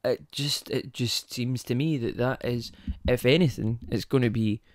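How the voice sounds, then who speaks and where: A man hosting his own podcast, thinking out loud in a casual monologue. His pitch sits in an ordinary middle range, and he keeps drifting into tangents and stopping to ask listeners whether they follow him. The close mic gives a dry sound with no room echo. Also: moderate pace. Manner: rambling, goes off on tangents, asks rhetorical questions. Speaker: podcast host.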